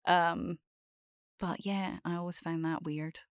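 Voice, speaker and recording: A woman's voice: fairly low pitch, fairly even intonation, slow, clear, resonant tone, no room sound, studio quality. A woman with a Scottish accent chatting casually, teasing and laughing often. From Scotland. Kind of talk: casual chat.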